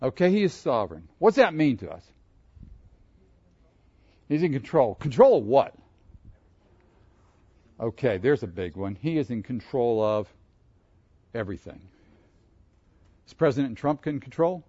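A man's voice: medium pitch, big pitch swings, a little slow, pauses often, mellow, breathy edge, no echo, highs cut off. A man preaching a sermon, asking his congregation questions and laughing between his points. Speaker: pastor. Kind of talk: interactive sermon.

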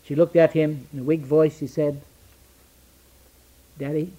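Man preaching a sermon, a bit higher-pitched than most; works in short repeated phrases, slows down for stress, drops to a near-whisper. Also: little pitch movement, dull audio. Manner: rhetorical questions answered in short repeated phrases; swings from loud emphatic lines to hushed near-whispers.

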